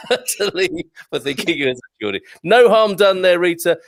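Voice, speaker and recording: A man's voice: sits high, lively intonation, normal speed, few pauses, no room sound. A man hosting a casual online gardening show over a video call, chatty and laughing often as he reads out viewer messages. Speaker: host. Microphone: video call mic.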